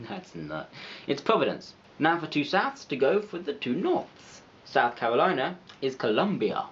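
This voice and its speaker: A man's voice: mid-range voice, big pitch swings, normal speed, muffled recording, a little hiss or hum. A man narrating an educational video with playful, chatty, self-mocking asides. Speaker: video creator.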